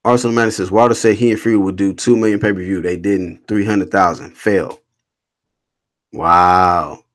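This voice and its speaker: A man's voice: low voice, moderate pace. A man hosting a casual boxing livestream, reading chat comments aloud and answering them in a blunt, slangy, swearing rant. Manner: blunt, animated, reads chat comments aloud and rants back.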